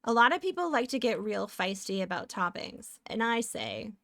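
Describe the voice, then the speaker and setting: A woman's voice: a little high, sing-song, normal speed, vocal fry, fairly bright tone. A woman from Canada, chatting casually with viewers while drawing, giggly and talking to herself as she works. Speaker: streamer.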